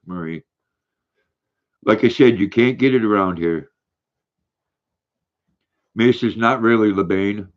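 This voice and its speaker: Rambling grandpa. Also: male voice, fairly low pitch, highs cut off. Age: older. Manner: rambling, halting, reads viewer comments aloud. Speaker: livestream host reading chat. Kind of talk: casual livestream chat.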